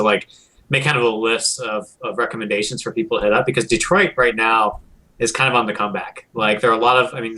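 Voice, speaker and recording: Fast, bright-voiced man rambling. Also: medium pitch, rough recording. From Michigan. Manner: rambling, lots of fillers, quick and bright. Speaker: guest commentator. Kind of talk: casual chat.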